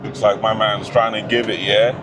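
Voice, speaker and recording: Young guy, relaxed slangy car-vlog chatter, mid pitch, heavy engine noise under the mic. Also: moderate pace. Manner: casual slang-heavy chatter, laughing often. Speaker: car vlogger. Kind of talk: driving commentary. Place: inside a car on the road. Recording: loud engine and road noise.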